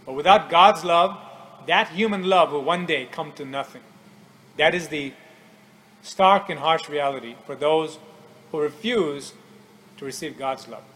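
A man preaching a radio sermon in an earnest, measured way, often quoting scripture. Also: a little high, sharp tone, poor audio.

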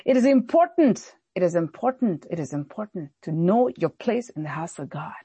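A woman's voice: fairly low pitch, sing-song, moderate pace, warm tone, husky, no room sound. A woman pastor preaching a sermon, emphatic and repetitive in her exhortations.

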